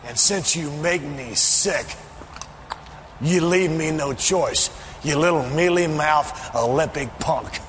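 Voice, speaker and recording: Taunting man shouting in an echoey arena. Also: on the high side, slow pace. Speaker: pro wrestler. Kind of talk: wrestling promo. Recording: echoey arena audio with faint background noise.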